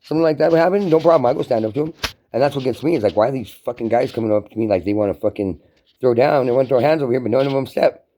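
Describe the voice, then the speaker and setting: A man's voice: medium pitch, racing, dark tone, slight background noise. A man delivering a profane, emphatic, run-on rant to camera. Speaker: vlogger. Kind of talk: casual ranting monologue.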